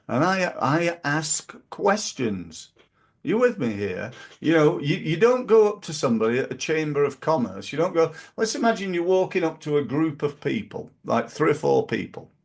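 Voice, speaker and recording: A man's voice: on the high side, expressive, moderate pace, creaky. A man talking casually about marketing as a business coach, rambling and acting out little scenes.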